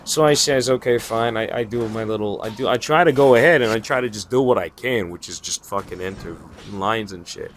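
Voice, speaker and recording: A man's voice: on the low side, a little fast, hardly any pauses, a little hiss or hum. A man, new at his office job, venting in a rambling, frustrated way, swearing often and restarting his sentences. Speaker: new data entry worker. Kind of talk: casual venting monologue.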